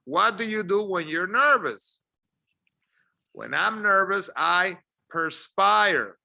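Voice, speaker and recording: Slow, very bright-voiced male teacher. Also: high-pitched, lively intonation. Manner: encouraging, drills words clearly for learners to repeat. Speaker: ESL teacher. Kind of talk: slow, deliberate English lesson.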